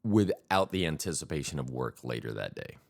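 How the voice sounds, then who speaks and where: A man's voice: extremely low pitch, big pitch swings, a little fast, creaky. A man hosting a podcast in a casual comic monologue, rambling, self-deprecating and crude. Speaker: podcast host. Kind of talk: casual solo comedic monologue.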